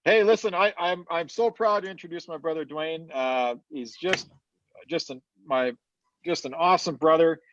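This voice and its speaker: A man's voice: fairly high pitch, normal speed, a bit bright, muffled recording. A man on a livestream introducing his brother, stammering and repeating words. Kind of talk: casual livestream chat. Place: car dealership.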